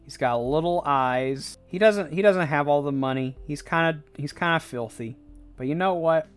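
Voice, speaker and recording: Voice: medium pitch, moderate pace, clear, resonant tone. A livestreamer chatting casually to chat while drawing, goofy and laughing often between jokey asides.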